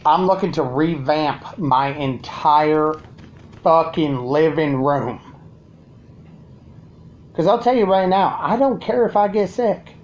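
A man's voice: on the high side, lively intonation, slow, pauses often, darkish tone, lo-fi sound. A man ranting crudely and sarcastically to his viewers from his home. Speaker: vlogger. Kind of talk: profane ranting monologue.

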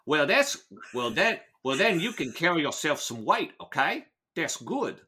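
A man's voice: a little high, big pitch swings, measured pace, sharp tone, slightly rough, voice pushed up, full character voice. An American man reading a male gang boss's lines in a put-on London accent. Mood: menacing. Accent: put-on London, wobbly.

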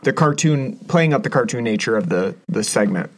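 A man's voice: mid-range voice, expressive, normal speed. A man co-hosting a casual film review chat, rambling with many fillers and restarts. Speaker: podcast co-host reviewing a film.

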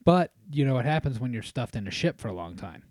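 A man's voice: medium pitch, sing-song, quick pace, darkish tone, dry recording. A man hosting a casual podcast, telling history with jokes, swearing and frequent laughter. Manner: joking, swears, laughs often. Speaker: podcast host.

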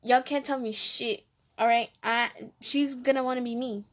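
A young woman with a New Jersey accent hosts her own comedy show in a high voice. She talks in a casual monologue, sassy and brash, with plenty of profanity. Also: fairly even intonation, normal speed. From Jersey City, New Jersey. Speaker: comedy podcast host.

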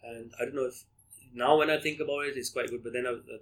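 A man's voice: mid-range voice, steady tone, fast talker, low-quality recording. A middle-aged man from India, a guest on an interview, telling stories casually with many hesitations and restarts. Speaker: guest, media company director.

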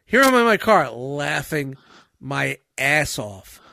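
A man's voice: on the high side, slow, gravelly, no room sound, clean studio sound. A man telling a story in a casual podcast chat, swearing freely and often breaking into laughter. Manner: profane, animated, laughs often mid-story.

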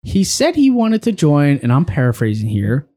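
A man's voice: fairly high pitch, wildly swooping pitch, normal speed, warm tone. A man hosting a casual sports podcast, steering the talk from topic to topic with frequent fillers. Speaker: podcast host.

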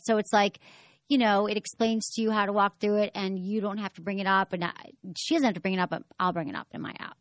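A woman's voice: medium pitch, fairly even intonation, quick pace, no room sound, studio quality. A woman hosting a sex-advice talk show, talking frankly and chattily and acting out little voices as she goes. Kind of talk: casual radio-style chat.

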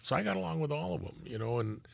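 Speaking quickly and expressively with a fairly high pitch and some vocal fry, this older guest is a retired LA cop recounting his days on the street. He keeps things relaxed and conversational, swears without hesitation, and imitates old friends as he goes. The recording is dry.

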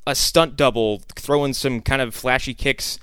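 A man's voice: medium pitch, fairly even intonation, normal speed, a bit bright, smooth, no room sound, clean studio sound. A man co-hosting a casual movie-recap chat, exasperated and sarcastic as he critiques scenes. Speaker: podcast co-host.

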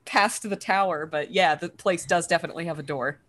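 A woman narrating a tabletop game as game master, describing scenes slowly with many ums and uhs. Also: fairly low pitch, fairly bright tone.

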